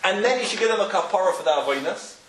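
A man's voice: high-pitched, animated, fast, a bit bright. A man giving a Talmud lecture, asking rhetorical questions and mixing in Hebrew and Yiddish terms, often restarting his words. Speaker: Torah teacher. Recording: roomy, distant mic, faint noise.

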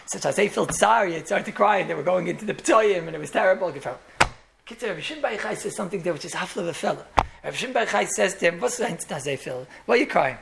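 A man's voice: sits high, fast, gravelly, background noise. A man, a rabbi, gives a Torah lecture in English full of Yiddish and Hebrew terms, telling stories with repeated words and chuckling asides.

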